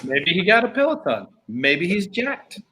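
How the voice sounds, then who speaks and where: A man's voice: sits high, very animated, unhurried, pushed and bright, husky. A man co-hosting a live podcast, playful and teasing. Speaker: podcast co-host.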